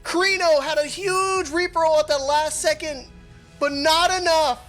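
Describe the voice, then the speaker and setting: A man casting a live esports match alone, excitable and laughing often, his voice worn hoarse from shouting. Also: very high voice, normal speed, soft background music. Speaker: solo esports caster. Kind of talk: live esports play-by-play commentary.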